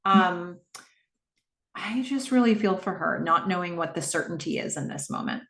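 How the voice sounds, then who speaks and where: A woman's voice: lowish voice, animated, normal speed, vocal fry, a bit bright. A woman hosting a podcast, recapping a TV episode in a reflective way and asking her listeners what they think, with frequent fillers. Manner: reflective, asks listeners questions; narrates scenes with frequent fillers. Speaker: podcast host. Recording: echoey room.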